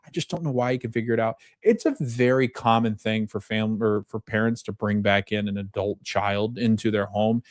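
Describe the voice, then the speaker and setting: A man's voice: on the low side, no echo, clean studio sound. A man in his thirties hosting a podcast, recapping a TV episode in a chatty way, quoting scenes and laughing often. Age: 30s. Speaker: podcast host.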